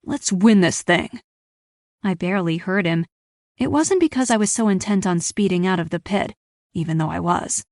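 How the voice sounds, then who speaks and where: A woman's voice: on the low side, a little fast, a little mellow, no room sound, studio quality. A woman reading a first-person audiobook in a tense, clipped storytelling manner. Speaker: audiobook narrator.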